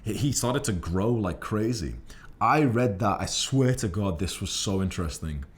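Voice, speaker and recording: This self-improvement creator from England speaks in a lowish voice with lively intonation at a moderate pace. The young man has a Liverpool accent and rants profanely to camera in a brash motivational piece, cursing emphatically throughout.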